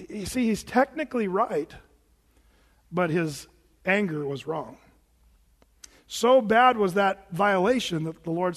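Man, pastor, sermon, high voice, conversational with restarts, long church reverb. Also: expressive, a little slow, pauses often.

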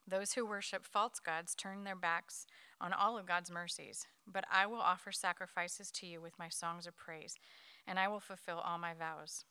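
A woman leading a Bible study, reading a scripture passage aloud to her group at a quick pace. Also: on the low side, clear, resonant tone, no room sound. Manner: quick, lively reading with light laughs.

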